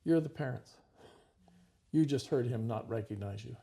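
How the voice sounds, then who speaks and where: A man with a low, gravelly voice spins a story in relaxed conversation, slipping into the characters' lines as he goes. His tone is dark and mellow with a husky edge. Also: moderate pace. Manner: vivid storyteller, acts out dialogue.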